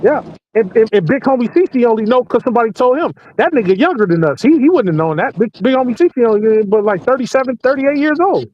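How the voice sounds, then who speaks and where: A man in his forties who hosts a podcast and works night security patrol tells profane stories in a casual chat, laughing as he goes. His voice is very high and he talks fast, recorded inside a parked vehicle with muffled lo-fi sound and faint hiss.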